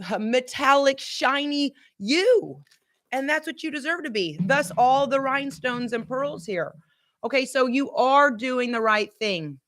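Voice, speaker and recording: A woman hosting a podcast as a motivational coach, talking in an energetic, emphatic way and repeating key phrases back to her listeners. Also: on the high side, no echo, clean studio sound. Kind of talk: upbeat motivational coaching talk.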